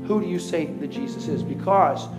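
A man preaching to a congregation, joking with the crowd and building to loud, passionate preaching. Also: fairly high pitch, a little fast, over loud music. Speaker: pastor. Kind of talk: sermon.

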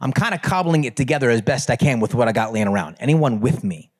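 A man's voice: mid-range voice, animated, quick pace, husky. A man speaking at a conference in a conversational, humorous way, addressing the audience directly. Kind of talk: storytelling talk on prayer.

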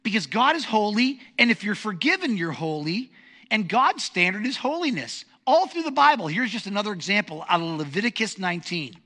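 A middle-aged man preaching a sermon as pastor, telling stories in an animated, self-deprecating way. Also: high-pitched, brisk. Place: church sanctuary.

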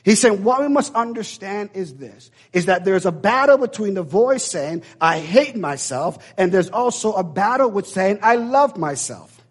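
A man's voice: high voice, lively intonation, normal speed, hardly any pauses. A man preaching a sermon in an emphatic, repetitive, preacherly way.

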